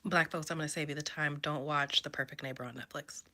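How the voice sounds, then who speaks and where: A woman in a short social video, quietly and drily telling viewers to skip something. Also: deep voice, steady tone, fast, slight background noise.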